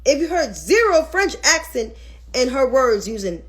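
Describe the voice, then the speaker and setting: A woman with a fairly high voice hosts a political livestream and gets heated and profane as she rants. She talks back to viewers' comments between her points. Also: sing-song, measured pace, a bit bright.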